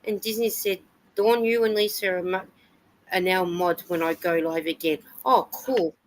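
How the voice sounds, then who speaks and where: A woman's voice: lowish voice, normal speed, a little hiss or hum, poor audio. An Australian woman hosting a live stream, chatting casually and reading out viewer comments and weather reports. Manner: chatty, reads comments and weather aloud with fillers.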